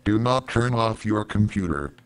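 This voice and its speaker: A synthetic voice playing a computer error program that gives flat warnings and threats. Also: mid-range voice, moderate pace, a loud crowd, lightly acted. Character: menacing computer error announcer. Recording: loud music over the voice. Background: loud music.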